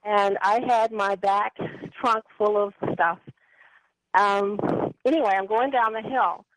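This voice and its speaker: A woman's voice: mid-range voice, fairly even intonation, takes it slowly, noisy background. A woman calling in to a radio show, telling a personal story in a chatty, rambling way. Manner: chatty, rambling with many ums and anyways. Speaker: caller. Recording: dry tinny phone line.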